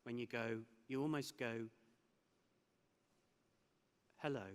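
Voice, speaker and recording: A man's voice: mid-range voice, expressive, measured pace, a bit bright. A man giving a conference keynote, telling a personal story with laughs and restarts. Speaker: keynote speaker. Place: large hall. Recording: hall with long reverb.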